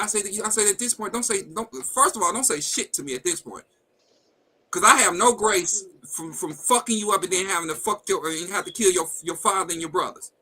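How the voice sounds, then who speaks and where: A man with a high, bright, forceful voice tells a heated personal story on a live talk stream. He is blunt and profane and acts out each line of quoted dialogue. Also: husky, poor audio. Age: adult with a wife and kids. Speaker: host. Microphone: video call setup.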